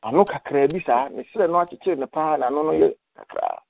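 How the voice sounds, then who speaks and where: Over a tinny phone line, an older man reminisces in casual chat, telling stories and slipping English words into his speech. His voice sits on the high side with vocal fry, he talks quickly, and there's no room sound.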